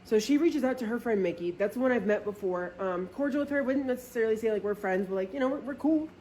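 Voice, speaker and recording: A woman's voice: fast talker, slight background noise. A woman vlogger telling a casual storytime, chatty and full of filler words and swearing. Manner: acts out quoted friends with lively pitch jumps.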